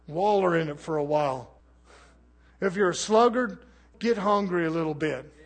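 Man, preacher, fiery scolding sermon, high voice, husky. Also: measured pace. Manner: fiery, scolding, shifts from loud preaching to low mutters.

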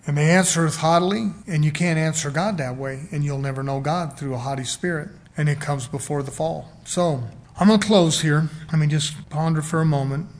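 A man preaching a sermon in a folksy, emphatic way, swinging between loud and quiet and acting out quoted voices. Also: fairly high pitch.

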